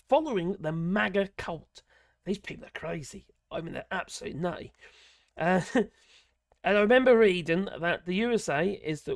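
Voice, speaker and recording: A man's voice: sits high, no room sound, studio quality. A man hosting a live politics stream, rambling and blunt, swearing freely and chuckling as he talks. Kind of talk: casual live-stream commentary.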